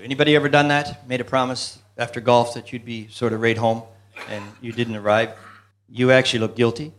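A man's voice: mid-range voice, level tone, fairly quick. A man giving a motivational business seminar talk, telling jokes and asking the audience questions. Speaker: business speaker.

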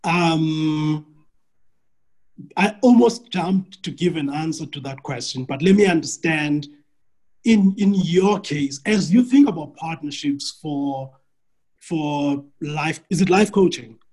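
A man working as a business coach, answering a client's question in an animated, storytelling way with frequent restarts. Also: a little high, slow, breathy edge, low-quality recording.

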